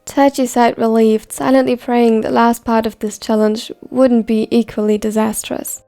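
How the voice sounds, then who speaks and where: A woman narrating a fan story in an even, measured reading voice. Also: a little high, faint music behind.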